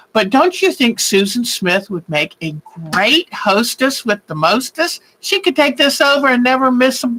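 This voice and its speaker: A man chats casually with viewers as a quilting show host, gushing and effusive. His voice sits notably high and his pace is unhurried, with a bright, forceful edge. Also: poor audio. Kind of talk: casual live-stream chat.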